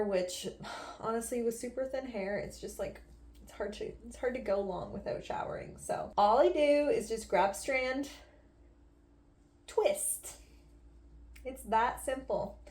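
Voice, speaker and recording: A woman's voice: medium pitch, normal speed, a little mellow. A woman in her thirties chatting casually on her writing vlog, joking at her own expense. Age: 30s. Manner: chatty and self-deprecating. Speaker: writing vlogger. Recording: roomy echoey room.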